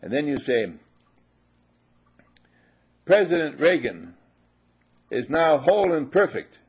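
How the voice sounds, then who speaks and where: Older guy preaching, husky gravelly voice, swings up and down a lot, repeats himself. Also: fairly high pitch, slow. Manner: animated, emphatic, repeats phrases, shouts suddenly. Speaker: spiritual teacher. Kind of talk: sermon.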